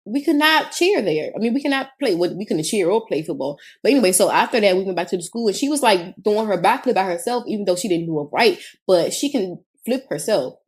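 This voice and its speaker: A woman's voice: medium pitch, fast, hardly any pauses, breathy edge. A woman co-hosting a podcast and coaching cheer, telling stories in casual chat, acting out quotes and swearing freely. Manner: animated storytelling, acts out quotes, swears freely.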